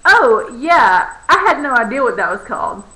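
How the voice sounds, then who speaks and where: A young woman mimicking a clueless woman customer who talks loudly and vaguely. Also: a little high, sing-song, normal speed, reverberant, poor audio. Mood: oblivious.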